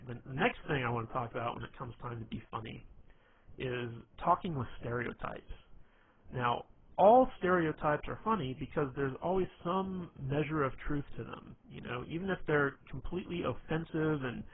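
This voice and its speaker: A man of middling pitch talks his listeners through how to be funny, loose and rambling, with a "you know" every few words. The sound is narrow and tinny, like a phone line, and a faint hiss sits under it. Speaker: dating and humor advice presenter. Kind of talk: casual instructional talk.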